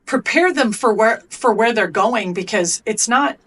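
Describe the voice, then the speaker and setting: A middle-aged woman with a somewhat high, slightly slow voice is interviewed on a podcast as a performance coach. She tells blunt stories, swearing casually, and animatedly acts out both sides of exchanges between coach and athlete.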